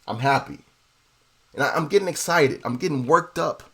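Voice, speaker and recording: A young man hosting a casual fight analysis, profane and excitable, repeating himself and tossing in bro and dude. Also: on the high side, moderate pace. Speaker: MMA analysis host.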